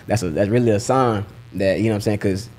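A young man with a Southern US accent, a rapper telling stories in a relaxed, slang-filled way during a casual interview. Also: lowish voice, quick pace. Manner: laid-back slang-heavy storytelling. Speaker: rapper and guest.

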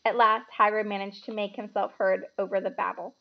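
A woman reading a children's book aloud with expressive, animated storytelling. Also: medium pitch, fairly quick, gravelly, muffled recording.

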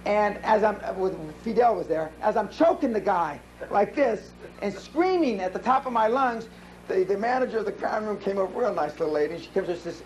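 A man's voice: sits high, animated, a little fast, darkish tone, a little hiss or hum, poor audio. A man giving a live seminar talk, telling brash, profane stories to the room. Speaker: seminar speaker.

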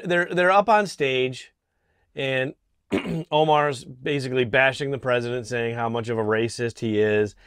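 Male vlogger from Connecticut, indignant and halting, middle pitch, throat-clearing, dry close recording. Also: no room sound. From Connecticut, USA. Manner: indignant, halting with fillers and restarts. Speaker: political vlogger. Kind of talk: casual opinion monologue. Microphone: small camera mic.

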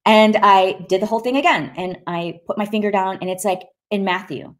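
A woman recounting her personal testimony with vivid emphasis. She tells the story in a lively way and acts out the quoted voices. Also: mid-range voice, a little fast. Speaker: guest sharing a personal testimony.

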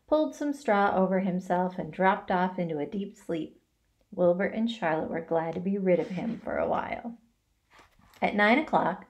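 A woman teacher reading a children's novel aloud, expressive and dramatic. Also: mid-range voice. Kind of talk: storybook read-aloud.

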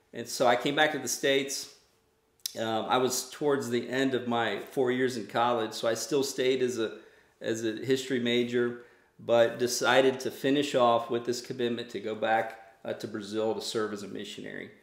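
A man's voice: mid-range voice, fairly even intonation, normal speed, creaky, echoey room. A man sharing his testimony as a missionary on a podcast, earnest and restarting his sentences as he goes. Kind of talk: testimony in a conversation.

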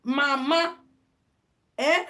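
A woman's voice: high-pitched, steady tone, drawn-out words, pushed and bright. A Nigerian woman hosting a live headwrap tutorial stream, chatting casually with viewers and mixing in Pidgin. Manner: chatty, mixes Pidgin, greets viewers by name. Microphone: phone.

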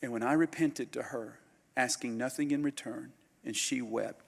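A man, a pastor preaching a storytelling sermon that swings from loud bursts to hushed near-whispers. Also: medium pitch, a little fast, vocal fry. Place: conference hall. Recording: live hall recording with long reverb.

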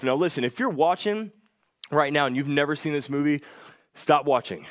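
A man's voice: fairly high pitch, fast talker. A man giving a guest sermon in an enthusiastic, conversational way, with playful asides to the congregation. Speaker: guest speaker. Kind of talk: sermon retelling a movie.

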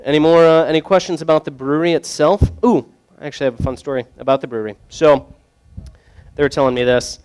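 A man's voice: fairly high pitch, steady tone, quick pace, darkish tone. A young man working as a brewery sales rep, telling loose, joking stories to a group with lots of fillers. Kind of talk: casual storytelling to a group.

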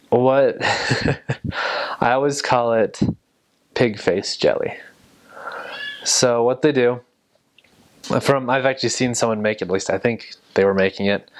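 A young man who served as a missionary, talking slowly and carefully and repeating each word. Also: on the low side. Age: young adult. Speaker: returned missionary. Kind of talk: casual talk with vocabulary recitation.

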